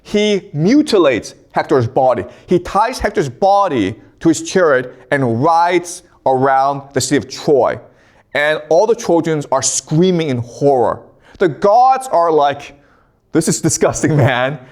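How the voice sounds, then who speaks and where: A man's voice: a little high, big pitch swings, measured pace, a little mellow. A man lecturing in a casual storytelling style, often checking in with "okay?". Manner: conversational, tags lines with "okay?".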